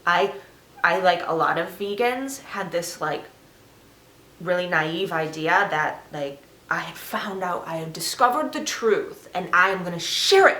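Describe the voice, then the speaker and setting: A woman talking earnestly to camera in a casual vlog, getting emphatic and animated as she explains. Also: lowish voice, a little slow. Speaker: vegan vlogger. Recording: echoey room with faint noise.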